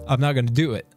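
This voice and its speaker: During a live stream, a man with a mid-range voice chats casually through a quiz. He gets excitable and swears readily as he reads song lyrics out loud.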